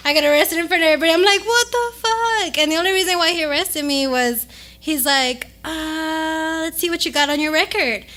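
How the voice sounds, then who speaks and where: A young woman chats on a podcast with a high, bright voice. She spins an embarrassing story with animated energy, laughing and swearing along the way. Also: a little fast. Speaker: podcast co-host. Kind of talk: casual chat, storytelling.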